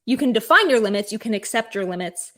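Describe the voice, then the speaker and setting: A woman therapist speaking as an interview guest, explaining advice clearly and repeating key phrases. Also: fairly high pitch, expressive, quick pace, bright, forceful tone. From California.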